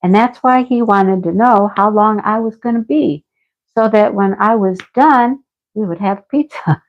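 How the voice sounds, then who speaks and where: Middle-aged woman, craft-stream host; casual rambling chat with lots of laughter, mid-pitched, dull lo-fi sound. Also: unhurried. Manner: chatty and rambling, laughs often, a little snarky. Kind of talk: casual livestream chat, answering viewer comments. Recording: dull lo-fi home stream audio.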